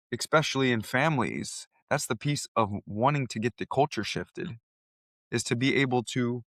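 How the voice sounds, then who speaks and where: A man's voice: medium pitch, fairly bright tone, dry recording, studio quality. A man who works as a coach, co-hosting a podcast and telling stories from his coaching in an earnest, convinced way. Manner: earnest storytelling, speaks with conviction. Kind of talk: casual chat.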